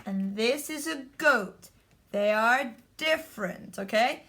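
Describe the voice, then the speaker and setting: A woman teacher giving a remote vocabulary lesson to young children, talking slowly with repeated, encouraging prompts. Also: on the high side, lively intonation, sharp tone. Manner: slow, repetitive, encouraging prompts.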